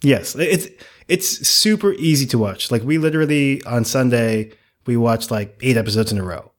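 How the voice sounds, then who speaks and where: A man talking loosely on a podcast, circling his point with fillers and restarts. His voice sits at a middling pitch for a man. The talk is relaxed and offhand. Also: normal speed. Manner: rambling, many likes and restarts. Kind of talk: casual chat.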